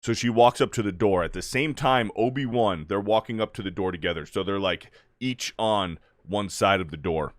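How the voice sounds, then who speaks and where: A man's voice: lowish voice, moderate pace, hardly any pauses, no echo, studio quality. A man giving a casual, exasperated review full of swearing, now and then mocking characters in put-on voices.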